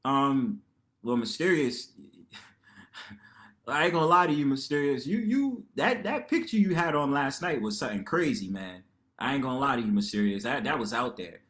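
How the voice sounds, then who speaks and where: A man hosting a livestream panel, talking casually in a loud, expressive way, full of slang and rhetorical tags. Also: normal speed. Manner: loud and expressive, lively pitch swings.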